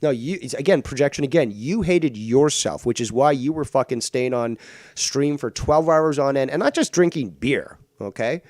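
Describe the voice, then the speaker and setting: A man's voice: mid-range voice, animated, moderate pace, a little mellow, no echo, clean studio sound. A man streaming commentary, ranting in a mocking, combative way and swearing a lot. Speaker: streamer reacting to clips.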